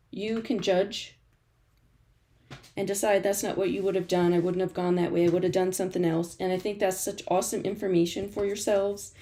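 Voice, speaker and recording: A woman's voice: mid-range voice, dark tone. Woman, art journaling teacher, live stream, chatty, encouraging, laughs often, studio. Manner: chatty and encouraging, reads out viewer comments. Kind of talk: live-stream crafting demo.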